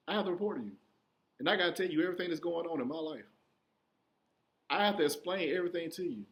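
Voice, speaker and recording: A young man with a slightly high voice tells stories straight to the listener. His talk is casual and full of swearing, and he jumps between voices as he acts out each side of a conversation. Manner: profane, animated, acts out both sides of conversations. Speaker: storyteller. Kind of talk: casual storytelling monologue.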